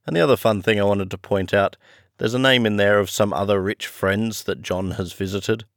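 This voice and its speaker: A man narrating a classic story as an audiobook podcast host, measured and friendly. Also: on the low side, dry recording, clean studio sound.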